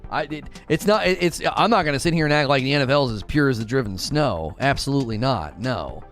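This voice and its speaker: A man's voice: medium pitch, expressive, fast, a bit bright, soft background music. Heated man ranting on a stream. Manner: heated, emphatic, repeats phrases. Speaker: gaming talk show host. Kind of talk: live stream talk show rant.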